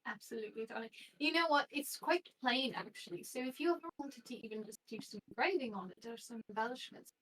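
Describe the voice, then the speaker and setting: A woman's voice: a little high, animated, fast, few pauses, fairly bright tone, recorded from a distance, slight background noise, rough recording. A woman player in a tabletop role-play, speaking politely and genteelly in character, often calling others darling.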